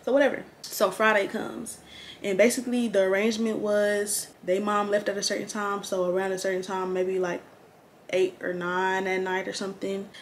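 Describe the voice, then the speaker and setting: A young woman chatting slangily through a get-ready-with-me storytime, animated and candid. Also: medium pitch, a little hiss or hum. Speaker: vlogger.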